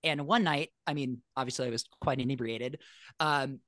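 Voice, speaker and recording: A man's voice: mid-range voice, normal speed, dry recording, studio quality. A man, an airline pilot, telling his story in a casual interview, frank and self-deprecating and acting out the voices he quotes. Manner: animated, acts out quoted voices.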